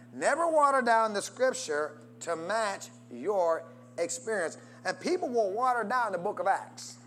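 A man preaches a sermon, constantly calling out questions for the congregation to answer and encouraging them to say amen. His call-and-response preaching swings widely in pitch and loudness.

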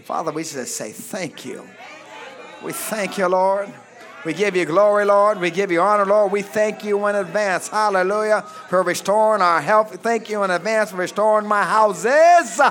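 A man pastor preaching a fervent sermon, reading scripture and calling for amens from the congregation, often shouting. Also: sits high, normal speed. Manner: reads scripture aloud, then explains it.

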